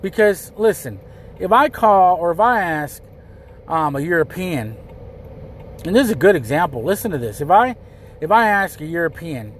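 A man's voice: a little high, very animated, moderate pace, slight background noise. A man hosting his own podcast episode alone, talking bluntly and emphatically, repeating his points and swearing freely. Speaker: podcast host. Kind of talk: solo commentary.

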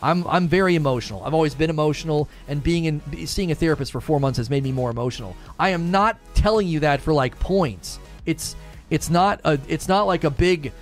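A fairly high-voiced man giving a heated, impassioned commentary, circling back to repeat and restart his points. Faint music runs quietly behind him. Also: a little fast. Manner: grows more heated and rises in pitch as he argues.

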